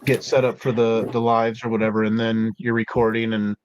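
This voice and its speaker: A man's voice: fairly low pitch, level tone, brisk, a little hiss or hum. A man guest on a podcast, telling rambling stories in a casual, profane way, full of "like" and "dude". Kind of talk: casual storytelling.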